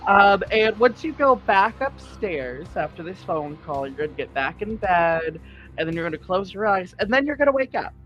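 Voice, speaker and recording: A man voicing a scheming female vampire doctor who poses as a guardian angel on the phone, calm and matter-of-fact. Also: high voice, moderate pace. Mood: persuasive. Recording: muffled audio with faint music.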